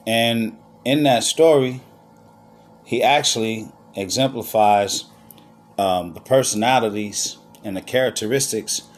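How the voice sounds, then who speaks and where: A man giving a scripture lesson as teacher, unhurried with pauses, checking in often with "all right?" and "okay?". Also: on the low side. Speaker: Bible teacher.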